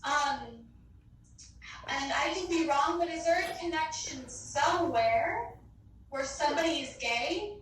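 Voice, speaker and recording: Woman psychic medium, high pitch, chatty and affectionate, echoey line with faint background noise. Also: unhurried, a bit bright, recorded from a distance. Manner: chatty, affectionate, fills with "like", calls listener babe. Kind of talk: casual spoken reading.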